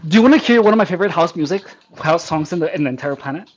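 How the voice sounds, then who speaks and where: A man's voice: a little high, lively intonation, rapid-fire. A man vlogging his workout, counting reps aloud while straining and joking in a sarcastic, mock-girly persona. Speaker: fitness vlogger. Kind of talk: casual workout chatter. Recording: dull lo-fi sound.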